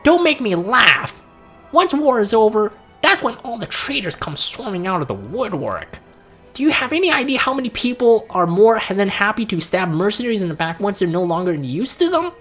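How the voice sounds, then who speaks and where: A man putting on a bitter young woman mercenary from a game story, his pitch raised well above his own. She talks with scorn and weary cynicism. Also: sing-song, normal speed, bright, forceful tone, soft background music, heavily acted.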